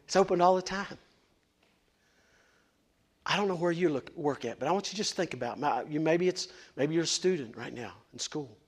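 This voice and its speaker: Fervent preacher, high voice. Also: male voice, moderate pace, long pauses, slightly rough. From West Virginia, USA. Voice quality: fervent, emphatic, stumbling over words. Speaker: lay preacher. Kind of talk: sermon.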